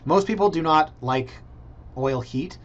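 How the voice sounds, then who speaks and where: A man's voice: fairly high pitch, a little slow, lo-fi sound. A man, a realtor chatting casually through property listings and thinking aloud with joking asides. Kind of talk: casual screen-share vlog commentary. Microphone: computer mic.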